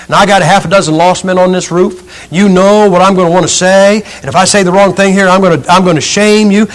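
A preacher doing an excitable Southern workman. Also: high voice, quick pace, close to an everyday voice. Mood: excited.

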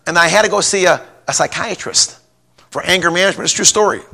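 A middle-aged man preaching a folksy sermon, telling a personal story in a rambling way, repeating words and rising to a shout when stirred. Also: sits high, fast talker, creaky. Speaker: pastor.

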